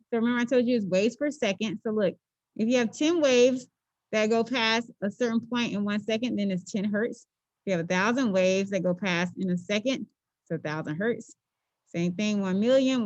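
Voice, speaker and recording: A woman physics teacher giving a relaxed classroom lecture, playful and chatty, often checking in with her students. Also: medium pitch, no echo, lo-fi sound.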